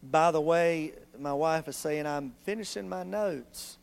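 A male pastor, preaching a sermon in a church in an animated, conversational way full of rhetorical questions. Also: a little high, unhurried, vocal fry, clear, resonant tone.

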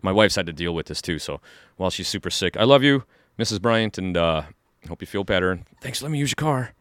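A man co-hosts a podcast in a studio, chatting casually with a rambling, enthusiastic manner. His voice is low, and his words come out quickly. The sound is dry, with no room echo. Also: lively intonation, a bit bright. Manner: rambling, enthusiastic, full of fillers and restarts. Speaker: podcast co-host. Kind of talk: casual chat.

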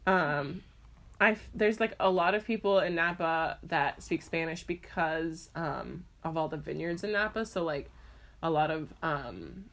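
Low-voiced young woman, rambling chat. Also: expressive, unhurried, fairly bright tone. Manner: rambling, lots of "like" and "um"; sincere, frustrated about unfairness. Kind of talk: casual chat.

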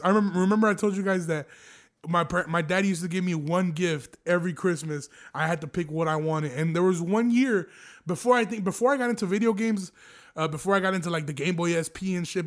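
A young man hosting a casual solo podcast, rambling through stories with heavy profanity and frequent laughs. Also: high-pitched. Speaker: podcast host.

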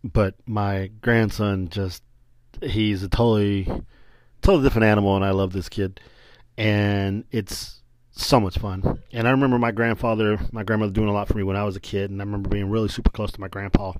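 Low-voiced laughing grandfather in his forties. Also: fairly quick, no room sound. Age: 40s. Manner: animated, laughs often while telling. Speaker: vlogger. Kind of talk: casual storytelling. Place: lying on a bedroom floor indoors.

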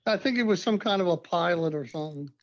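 A man with a noticeably high, lively voice who laughs often as he joins a podcast chat. He starts sentences, stops, and restarts while he searches for words. His voice comes through dry and close. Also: fast, no room sound, dull audio. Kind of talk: casual chat.

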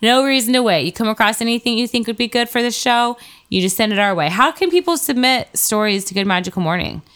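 Smooth-voiced upbeat woman podcast co-host. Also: on the high side, quick pace, fairly bright tone. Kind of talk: casual chat.

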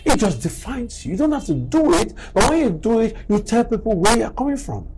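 A man's voice: high-pitched, brisk, background noise. A middle-aged man giving a motivational talk on character, telling stories and acting out little exchanges as he goes. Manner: animated, acts out little dialogues. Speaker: speaker on character.

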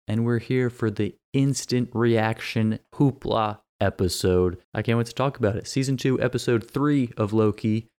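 Upbeat low-voiced male podcast host. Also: a little mellow. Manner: upbeat, rambling introductions. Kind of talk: casual podcast chat.

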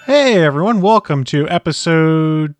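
A man's voice: on the high side, expressive, unhurried, over music. A man hosting a podcast, jokey and steering the conversation. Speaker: podcast host. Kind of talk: casual chat.

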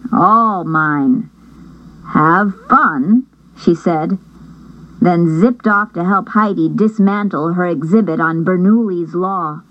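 A woman reading a first-person novel aloud as an audiobook narrator, in a measured storytelling manner. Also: on the low side, dull audio.

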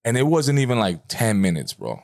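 Brief: man, rapid delivery, low voice, casual storyteller full of slang, dry close mic. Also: huge pitch swings, vocal fry, darkish tone, dry recording. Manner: laid-back, profane street slang. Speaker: podcast guest, comedian.

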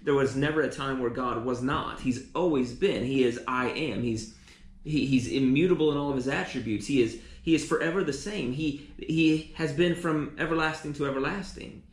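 Man preaching, stumbling repeats, mid pitch, echoey room. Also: moderate pace. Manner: repeats words often, restarts. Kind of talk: sermon teaching.

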